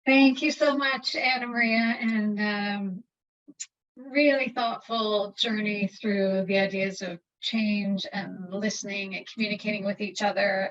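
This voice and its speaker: A woman's voice: mid-range voice, fairly bright tone, muffled recording. A woman moderating a virtual Q&A, politely thanking the speaker and reading out audience questions. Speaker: event moderator.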